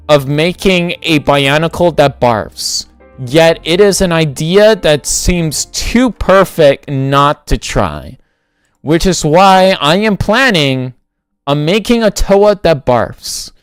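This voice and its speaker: A man's voice: a little high, clear, resonant tone, dry recording. A man hosting a livestream, thinking aloud as he builds, rambling and correcting himself in a casual chat. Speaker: livestream host.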